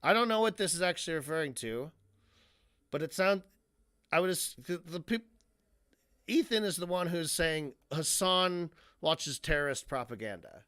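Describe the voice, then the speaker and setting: A man's voice: on the high side, lively intonation, moderate pace, pushed and bright, clean tone, dry recording, clean studio sound. A man giving casual reaction commentary as a streamer, rambling, cutting himself off mid-sentence and swearing freely.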